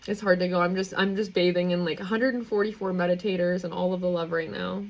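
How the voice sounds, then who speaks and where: A woman's voice: on the low side, fairly even intonation, fast, hardly any pauses, rough recording. A young woman hosting a live stream, talking in an effusive, rambling, heartfelt way. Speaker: livestream host. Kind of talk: emotional live stream sign-off.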